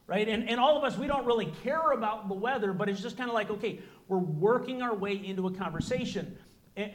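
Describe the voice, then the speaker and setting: Presenter: man with a high, light voice, earnest and explanatory, speaking to a live audience. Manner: earnest, explanatory, acts out short dialogues. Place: room with an audience.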